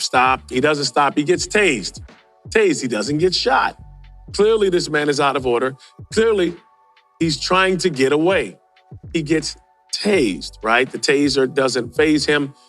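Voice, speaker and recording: Man, podcast host, casual commentary, rhetorical questions, slightly high voice, soft music behind. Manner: rhetorical, asks questions and adds "right?". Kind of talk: casual commentary on video clips.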